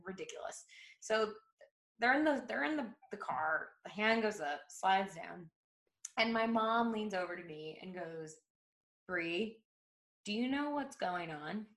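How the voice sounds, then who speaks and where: A woman's voice: mid-range voice, lively intonation, a little slow, fairly bright tone. Chatty woman co-host in a roomy space. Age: 30s. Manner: laughing, chatty, acts out quotes. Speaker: podcast co-host. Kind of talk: casual chat.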